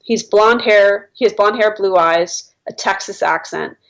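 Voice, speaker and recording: A woman guest on a podcast, telling stories in animated, enthusiastic casual chat. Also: mid-range voice, unhurried, creaky.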